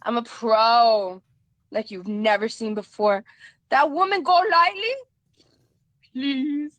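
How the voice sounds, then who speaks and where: Fairly high-pitched and bright, a woman hosting a livestream takes things slowly as she argues back at a guest and her comments. Her heated commentary is mocking and combative, with frequent repeated lines, and there's no room sound.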